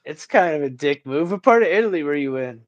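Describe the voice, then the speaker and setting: A man's voice: on the high side, animated, quick pace, dull audio. A man hosting a livestream in casual chat, rambling and slangy, calling people bro and dude. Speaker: livestream host.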